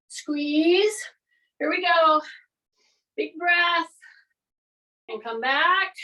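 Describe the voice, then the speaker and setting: Slow-cueing woman fitness instructor. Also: high-pitched, a bit bright, far from the mic, low-quality recording. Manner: coaching cues while exercising. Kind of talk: guided workout class.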